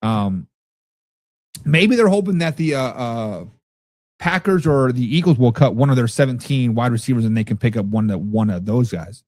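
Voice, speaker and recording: A man hosting a casual football talk show, reading viewer comments and reacting loudly with profanity. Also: medium pitch, animated, normal speed, dry recording, clean studio sound. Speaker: podcast host reading live chat.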